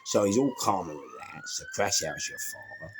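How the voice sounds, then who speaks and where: A man's voice: on the low side, moderate pace, background noise. A middle-aged man with a London accent, casually telling an anecdote and acting out the voices of everyone in it. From England. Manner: animated storytelling, acting out both sides of dialogue. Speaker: storyteller. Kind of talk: casual anecdote told to camera.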